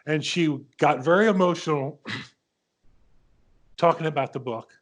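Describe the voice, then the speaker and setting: A man's voice: fairly high pitch, slow. Man telling a rambling story. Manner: rambling anecdotes with quoted dialogue, frequent restarts. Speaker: podcast host. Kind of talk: casual storytelling.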